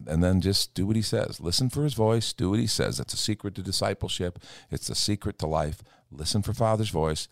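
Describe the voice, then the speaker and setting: A man, a pastor, chatting in an earnest, animated way and acting out little quotes as he tells stories. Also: sits low, fairly quick, gravelly, hardly any pauses, dry recording, studio quality. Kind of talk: casual chat. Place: church.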